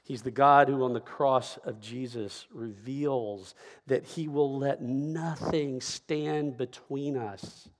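A middle-aged pastor storytelling in a reverberant hall. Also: male voice, medium pitch, steady tone, takes it slowly. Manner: conversational storytelling with frequent "right?" asides. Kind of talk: sermon. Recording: long reverb of a large hall.

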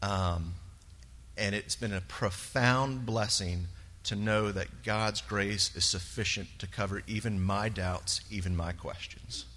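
A man sharing a personal testimony in church, earnest and halting, with many pauses and fillers. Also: on the low side, steady tone, bright, forceful tone. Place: church sanctuary. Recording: long reverb of a large hall.

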